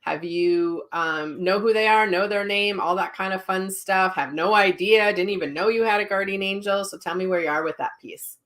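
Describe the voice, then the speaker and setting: A woman's voice: mid-range voice, normal speed, hardly any pauses, fairly bright tone. Middle-aged woman, live-stream host, chatty storyteller who reads comments aloud, webcam mic. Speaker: psychic medium hosting a live stream. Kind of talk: casual live-stream chat.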